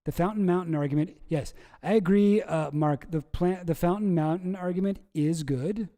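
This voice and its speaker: A man's voice: high voice, normal speed, warm tone. A man hosting a stream, telling playful stories in casual chat and laughing often. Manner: laughing, playful storytelling with quoted voices. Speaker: streamer host.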